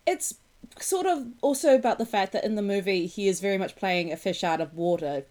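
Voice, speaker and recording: A woman's voice: mid-range voice, animated, brisk, a little mellow. A woman co-hosting a film podcast who chats casually and drops dry, wry asides. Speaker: podcast co-host.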